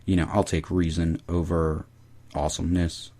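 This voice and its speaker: A man's voice: sits low, level tone, moderate pace, dark tone. A man casually recapping a TV episode, rambling and swearing freely. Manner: rambling, profane.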